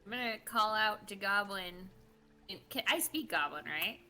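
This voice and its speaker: A woman's voice: mid-range voice, expressive, unhurried, sharp tone, faint music behind. A woman taking part as a player in a tabletop game, with playful, giggly banter. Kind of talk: casual tabletop play.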